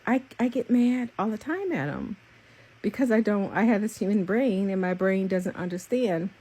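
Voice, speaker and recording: A young woman with a low, husky voice talks through a spiritual message as a psychic reader. She rambles and repeats herself, earnest and openly emotional, in a loose confessional chat. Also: dark tone. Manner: earnest, rambling and repetitive, with many fillers.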